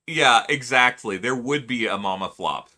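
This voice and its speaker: A man's voice: medium pitch, sharp tone. A man streaming live, chatting casually with his viewers, laughing often and musing aloud.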